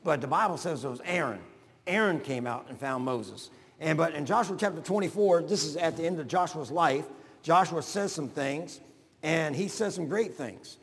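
An older man preaching a folksy sermon to his congregation, building to shouts. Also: on the high side, moderate pace, husky, big-room sound. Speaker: pastor.

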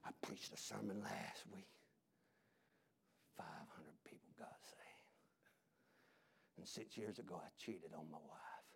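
A man's voice: deep voice, slow, creaky, pauses often, husky, voice pushed down, heavily acted. A man playing a preacher who whispers a secret confession. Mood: confiding. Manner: hushed, confiding.

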